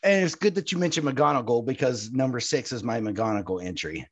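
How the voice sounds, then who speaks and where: A man's voice: medium pitch, lively intonation, fairly quick, no echo. A man with an ordinary mid-range voice co-hosts a podcast at an easy pace. He explains his points plainly and retells scenes. The recording is close and dry. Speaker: podcast co-host. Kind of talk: casual chat.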